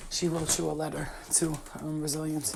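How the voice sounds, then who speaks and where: A woman's voice: deep voice, flat delivery, normal speed, creaky, very noisy. A woman who sells spiritual healing boxes, chatting casually and affectionately on a late-night livestream from home, full of slang and swearing.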